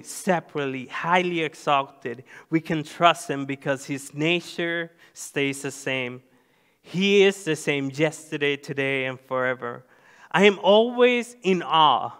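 A man preaching a sermon, slow and deliberate, rising to loud emphatic passages. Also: fairly high pitch, clear, resonant tone. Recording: long hall reverb.

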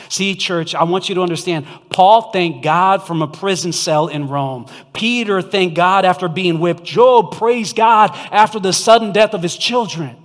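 A man preaching a sermon to his church, swinging from shouts down to whispers. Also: sits high, lively intonation, normal speed, long reverb tail. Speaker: pastor.

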